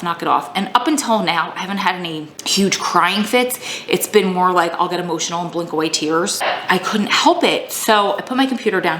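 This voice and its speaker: A woman's voice: on the low side, pushed and bright, a little hiss or hum. A young adult woman telling a personal story in a candid, emotional way. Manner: emotional, tearful at times, candid. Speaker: vlogger. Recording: echoey room, faint ambience.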